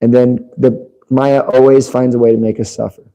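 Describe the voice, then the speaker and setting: A man commenting after a scripture class, telling animated anecdotes full of quoted dialogue. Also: medium pitch, moderate pace, rough recording. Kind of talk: anecdotal storytelling.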